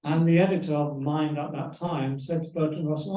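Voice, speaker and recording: An older man lecturing on philosophy, his voice slightly high and mellow. He drifts into stories and digressions. He is heard from far off in a roomy hall, on a dull recording. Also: steady tone, brisk, hardly any pauses. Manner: digressive, anecdotal. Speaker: guest speaker. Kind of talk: lecture with anecdotes. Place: club meeting room.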